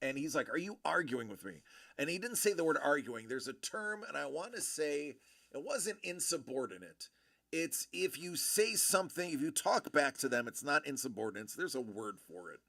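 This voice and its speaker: A man in his thirties telling a story in casual chat, acting out the people in it with animated voices. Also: fairly high pitch, moderate pace, gravelly, dry recording, studio quality. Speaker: show host telling a story.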